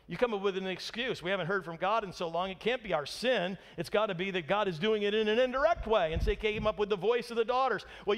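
A man's voice: high-pitched, big-room sound. A male pastor preaching a sermon to his congregation in a conversational manner, often asking them rhetorical questions. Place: church sanctuary.

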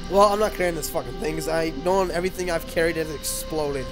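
A man's voice: fairly high pitch, fast talker, over music. A man recording a co-op game, joking and swearing as he plays. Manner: excitable, swearing, jokey. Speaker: gamer recording a let's play. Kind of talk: casual co-op game chat.

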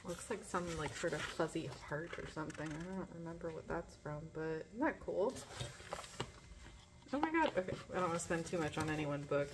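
A woman's voice: sits low, lively intonation, a little fast, background noise. A woman chatting casually while unboxing, gushing with breathless exclamations and laughter. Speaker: vlogger. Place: living in a garage.

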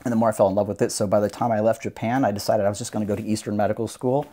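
A man with a fairly low, steady, warm voice talks very fast as a podcast interview guest. He's a doctor of Oriental medicine, earnestly explaining his practice and acting out his patients' voices.

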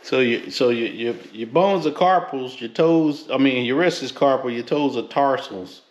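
A man's voice: medium pitch, moderate pace, roomy sound. Rambling, slangy sneaker vlogger man. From Philadelphia–New York area. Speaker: sneaker reviewer. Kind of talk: casual unboxing vlog.

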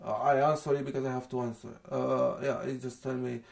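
A young man from Romania with a Romanian accent, speaking in broken English, soft and halting, as he tells a personal account in an interview. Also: mid-range voice, little pitch movement, vocal fry. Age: young adult.

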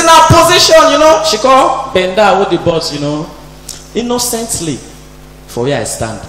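A man's voice: sits high, a bit bright. A man in his forties with a Nigerian Pidgin English accent, performing a stand-up comedy routine on stage and acting out every character in his jokes. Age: 40s. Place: live event stage. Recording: echoey hall, faint hum.

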